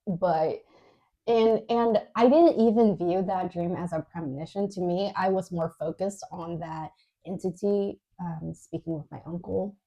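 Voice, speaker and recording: Gravelly low-voiced woman telling a story. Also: a little slow, dark tone, highs cut off. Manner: recounts a dream in a chatty way, full of "like" and fillers. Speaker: podcast co-host. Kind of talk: casual storytelling.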